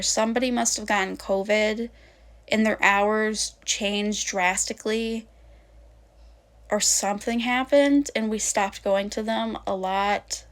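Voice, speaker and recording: A woman streamer in casual, rambling chat who wanders off on tangents and swears offhandedly. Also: mid-range voice. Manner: rambling, goes off on tangents, many fillers. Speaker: VTuber streamer.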